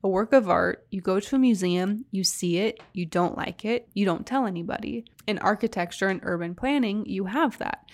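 A young woman co-hosting a podcast in an easy, conversational way. She tells the story and reads quotes aloud at an even storytelling pace. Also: medium pitch. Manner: chatty, laughs easily, reads passages in a steady storytelling tone. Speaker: podcast co-host. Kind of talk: casual chat, reading quotes aloud.

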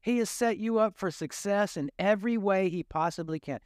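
A man's voice: sits high, moderate pace, smooth, no room sound, studio quality. A male pastor preaching a sermon in a casual, joking, conversational way.

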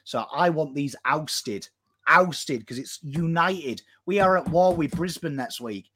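An English man ranting as co-host of a football fan show, sweary and impassioned, swinging between shouting and low intensity. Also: takes it slowly, slightly rough. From England. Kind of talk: fired-up fan rant.

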